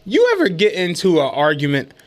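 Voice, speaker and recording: A man co-hosts a casual podcast, spinning an animated, profane story and laughing as he goes. His voice sits very high, and his pitch swings widely. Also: brisk. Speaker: podcast co-host. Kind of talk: casual chat.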